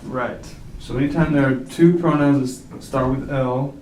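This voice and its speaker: A man's voice: medium pitch, steady tone, moderate pace, a little mellow. A man tutoring Spanish grammar, explaining patiently and checking in often with "okay?". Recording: echoey room, voice from a distance, background noise.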